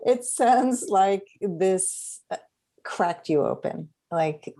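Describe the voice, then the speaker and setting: A woman's voice: medium pitch, huge pitch swings, very slow, warm tone. A middle-aged woman hosting a podcast, reflecting and sharing her own experience in a casual interview. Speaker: podcast host.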